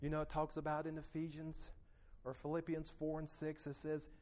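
A man preaching a sermon into a microphone in church, calling on the congregation for amens and swinging between soft, low asides and loud emphatic peaks. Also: completely flat delivery, moderate pace. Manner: call-and-response, asks the congregation for amens. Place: church sanctuary.

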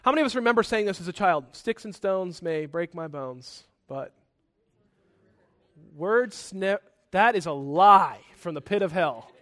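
A man preaches a sermon. He is animated and acts out angry outbursts, and he corrects himself mid-sentence as he goes. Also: high-pitched, measured pace.

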